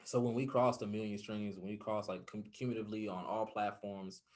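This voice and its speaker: A young man who is a podcast guest, telling his stories in a casual, excitable interview chat. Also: on the low side, fairly quick. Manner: animated storyteller, excitable.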